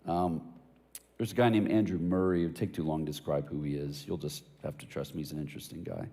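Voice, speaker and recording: A man's voice: rumbling low, fairly even intonation, fast, mellow, in a large hall. A man preaching a sermon as a pastor, telling casual stories with jokes and asking emphatic questions. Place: church hall.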